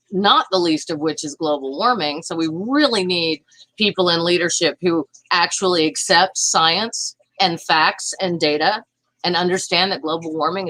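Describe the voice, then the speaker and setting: A woman's voice: on the low side, fairly bright tone, no echo, poor audio. A woman, giving impassioned political commentary in a vlog, indignant and often restarting her sentences. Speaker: vlogger.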